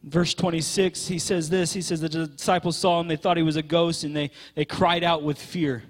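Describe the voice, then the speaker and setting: A man's voice: fairly high pitch, level tone, moderate pace. A man preaching a sermon with passion, stretching key words and repeating phrases for emphasis.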